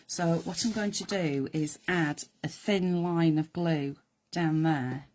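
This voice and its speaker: A woman with a croaky voice hosting a live card-making demonstration, chatting in rambling asides to her viewers. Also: deep voice, takes it slowly, a little mellow. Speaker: crafting host.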